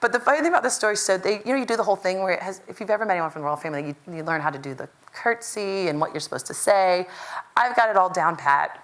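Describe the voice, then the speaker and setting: A middle-aged American woman from Kentucky giving a chatty, lively keynote talk, acting out what people said. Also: medium pitch, racing. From Louisville, Kentucky. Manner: chatty, lively, quotes people in animated voices. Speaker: keynote speaker. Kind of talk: conference keynote storytelling.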